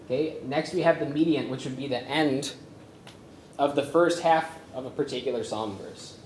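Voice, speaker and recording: A man's voice: medium pitch, darkish tone. Guy teaching chant at a workshop, lots of ums, echoey room with a faint hiss. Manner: halting with many fillers, hums melodies to demonstrate. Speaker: music workshop presenter. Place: conference room with a live audience. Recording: roomy echo from a lecture space.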